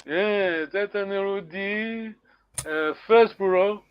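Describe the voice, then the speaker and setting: High-pitched guy teaching a language class, keeps saying bravo, muffled sound. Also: takes it slowly, clean tone. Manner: encouraging, repeats words.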